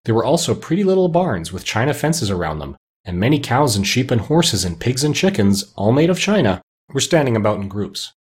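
A man narrating a children's storybook aloud, expressive and unhurried. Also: medium pitch, breathy edge.

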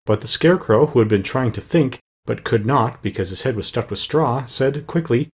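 Husky male audiobook narrator. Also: medium pitch, normal speed, few pauses. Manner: steady and plain, with small slips. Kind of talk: storybook reading aloud.

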